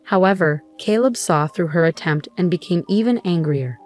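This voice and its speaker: Woman telling a story in first person, lowish voice, soft music behind. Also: moderate pace. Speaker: narrator.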